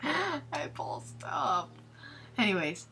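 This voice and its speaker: A young woman hosting a comedic fanfiction readthrough, reading aloud with sarcastic, giggly, deadpan asides. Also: medium pitch, slow pace, gravelly, breathy edge.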